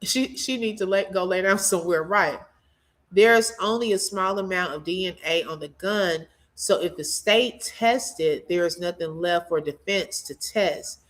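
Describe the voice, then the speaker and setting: A woman hosts a casual live commentary on her channel, reacting to a court case and reading viewer comments aloud. She's chatty and animated, laughs often, and speaks directly to her viewers in a lowish voice at a measured pace.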